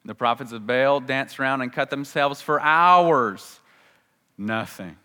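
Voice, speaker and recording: A man preaching a sermon, telling a story with energy and acting out the lines he quotes, with rises and drops in pitch and loudness. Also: measured pace, smooth, big-room sound. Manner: animated storytelling, acts out quotes with big jumps in pitch and volume. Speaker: pastor.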